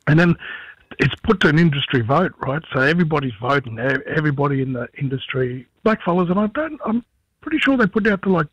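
A husky-voiced man spins an animated story as a radio guest, slipping into other people's voices as he quotes them. His voice sits fairly high for a man. The sound is dry and a bit muffled. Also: no echo. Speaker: musician guest.

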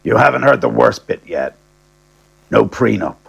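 A man's voice: lowish voice, expressive, moderate pace, vocal fry, slightly rough, heavily acted, poor audio. A man voicing a crude, cynical older male lawyer who talks bluntly and mockingly. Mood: scheming.

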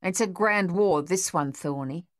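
A man's voice: high-pitched, measured pace, fairly bright tone, dry recording, clean studio sound. A woman voicing a wry male machine gunner with a sardonic way of talking.

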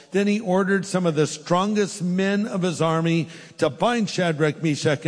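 A man preaching a sermon, telling scripture stories with animated emphasis. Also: on the high side. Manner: animated storytelling, voices scripture characters. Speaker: pastor. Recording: long hall reverb.

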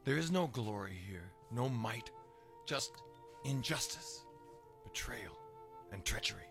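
An actor playing a stern, conflicted Roman officer, firm and grave. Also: male voice, mid-range voice, expressive, a little slow. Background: music.

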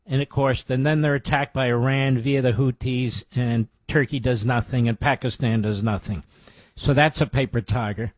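A man's voice: mid-range voice, steady tone, normal speed, dry recording. A man hosting a talk radio show, giving blunt political commentary in short declarative statements.

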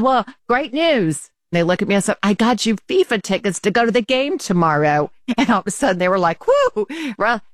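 Woman, casual storyteller, lowish voice, dry close sound. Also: no room sound. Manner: animated, laughing, acts out quoted voices.

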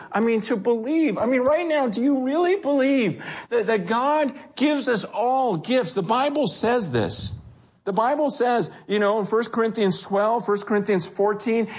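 A man preaching a sermon in a conversational, animated way, often acting out quotes. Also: high voice, breathy edge. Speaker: pastor.

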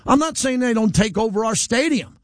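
Brief: male sports radio host, middle-aged, lighter high voice, defiant unscripted rant, dry studio sound. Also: a little fast, no echo. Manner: animated, defiant, rambling without a script. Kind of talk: live radio monologue. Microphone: studio microphone.

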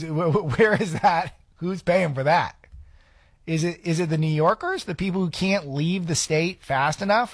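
Male radio host, opinionated and sarcastic, husky tone, dead-dry studio. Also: on the high side, no echo. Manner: sarcastic, rambling, with restarts. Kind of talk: opinionated political commentary.

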